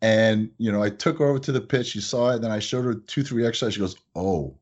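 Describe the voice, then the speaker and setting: A husky-voiced man tells stories about his business with animated energy, acting out the people in them. The recording is dull and lo-fi. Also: mid-range voice, fast talker. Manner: animated, acts out voices in anecdotes. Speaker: business owner, guest. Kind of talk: casual interview storytelling.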